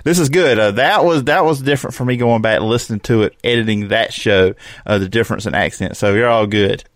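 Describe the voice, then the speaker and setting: A man's voice: on the low side, a little fast, dry recording, clean studio sound. A man with an Alabama accent hosting a sports podcast, upbeat and casual with frequent fillers. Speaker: podcast host.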